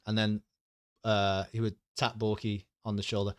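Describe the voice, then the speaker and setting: A man's voice: fairly low pitch, level tone, moderate pace, no room sound, studio quality. A man chatting casually with his stream audience, rambling, joking and swearing freely.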